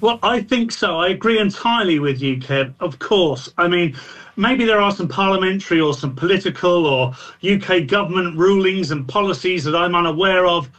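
A man's voice: high-pitched, normal speed, fairly bright tone. A man appearing as a comedian guest on a talk show, speaking emphatically.

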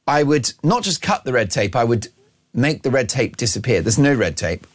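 A man's voice: mid-range voice, big pitch swings, normal speed. A man hosting a radio show, delivering a brash, mocking opinion monologue full of self-aggrandizing banter. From Ireland.

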